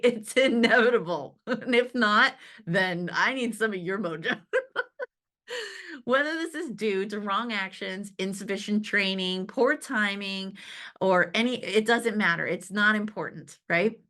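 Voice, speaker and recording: A woman's voice: mid-range voice, fairly bright tone. Upbeat woman giving a chatty pep talk. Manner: upbeat and conversational, often asks "right?" and "okay?"; laughs easily. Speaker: direct-sales team leader giving a motivational talk. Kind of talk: motivational talk.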